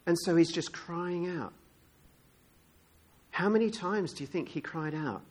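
A man's voice: a little high, measured pace, long pauses. A man preaching a sermon in a conversational storytelling manner, acting out the scene as he goes.

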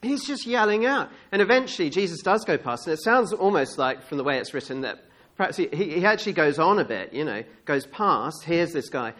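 Bright-voiced male preacher telling a story. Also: on the high side, lively intonation, brisk. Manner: conversational storytelling, acting out scenes. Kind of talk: sermon.

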